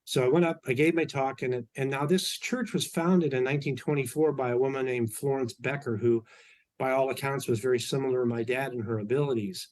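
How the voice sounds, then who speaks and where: A middle-aged man telling personal stories as an interview guest, relaxed and anecdotal with frequent fillers and restarts. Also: mid-range voice, a little fast. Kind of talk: storytelling in an interview.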